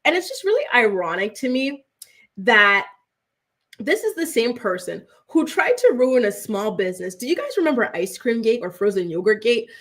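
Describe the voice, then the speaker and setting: A woman in her thirties hosts a gossip show with a slightly high voice. She chats with her viewers in a lively, animated way and keeps checking in with them. When she quotes someone she mimics them in a higher voice. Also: normal speed. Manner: chatty, animated, keeps asking the viewers "right?"; jumps into high-pitched mock voices when quoting people. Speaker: host. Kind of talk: casual gossip commentary.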